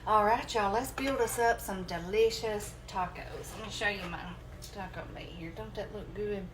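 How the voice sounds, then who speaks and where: A woman's voice: medium pitch, moderate pace, a little hiss or hum. A woman chatting folksily with viewers as she cooks at home, calling them y'all. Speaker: home cooking vlogger. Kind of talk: casual chat while cooking. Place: home kitchen.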